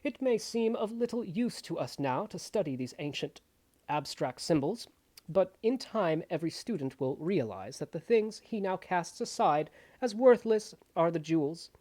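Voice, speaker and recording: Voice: mid-range voice, animated, normal speed, darkish tone, lightly acted. A reader putting on a transatlantic accent to play a solemn mid-century male esoteric lecturer, declaiming grandly with a voice that is giving out. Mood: solemn lecturing. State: losing voice. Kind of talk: lecture reading impression.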